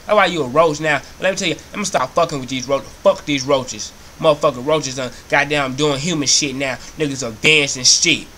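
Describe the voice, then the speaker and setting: Swearing throughout and repeating phrases for effect, a young male comedy vlogger tears into his grandmother's house in a comic rant. The voice is bright, fairly high, and forceful, the delivery animated, profane, fairly quick, and almost without pauses. A little hiss or hum sits in the recording.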